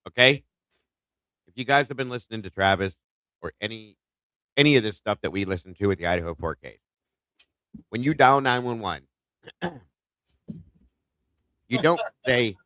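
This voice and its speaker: A man's voice: lowish voice, lively intonation, moderate pace, pauses often, a bit bright, no room sound. A man hosting a live-stream chat show, talking straight to his viewers in an emphatic way. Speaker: show host.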